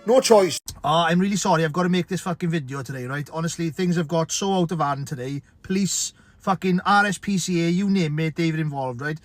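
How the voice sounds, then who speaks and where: A man's voice: on the high side, fairly quick, hardly any pauses, faint music behind. A South Welsh man delivering a profane, exasperated comic monologue to camera, ranting and swearing freely. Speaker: comedy TikTok creator.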